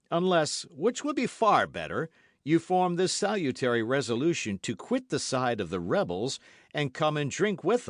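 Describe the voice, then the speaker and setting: A man's voice: mid-range voice, no room sound, studio quality. Athos, a cool aristocratic musketeer, read by a man. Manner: calm, stately, ironic.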